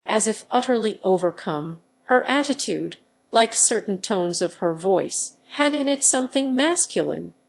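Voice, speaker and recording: A woman narrating a classic novel as an audiobook in a measured, even reading. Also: medium pitch. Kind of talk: scripted narration.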